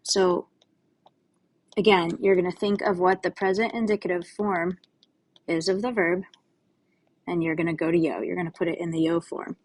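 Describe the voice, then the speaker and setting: A woman's voice: on the low side, steady tone, normal speed, long pauses, slightly rough. A woman Spanish teacher giving a recorded lesson, explaining step by step to her students in a patient, casual way with friendly asides.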